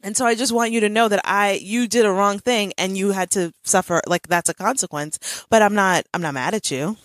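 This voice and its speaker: A podcast host in her thirties recounts a family story in casual chat, animated and laughing often. Her mid-range voice moves briskly, and the recording is dry.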